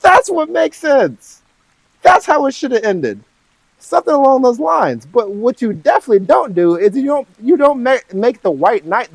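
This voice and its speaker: A man's voice: high voice, no room sound, poor audio. A man talking casually on his own about a horror film, rambling and often checking in with "right?". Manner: animated, swings between eager and hushed. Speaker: channel host.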